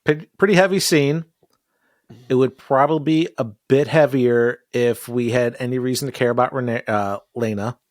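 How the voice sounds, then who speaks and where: A man's voice: mid-range voice, normal speed, dry recording, clean studio sound. A man co-hosting a TV recap podcast, casually walking through the plot with wry asides and frequent laughs. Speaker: podcast co-host.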